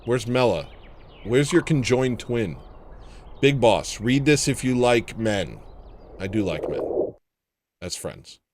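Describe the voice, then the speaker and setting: A man's voice: mid-range voice, expressive, slow pace, pauses often, a little mellow, a little hiss or hum. A man hosting a livestream, chatting casually and making dry, sardonic asides. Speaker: livestream host. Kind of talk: casual chat reading viewer comments.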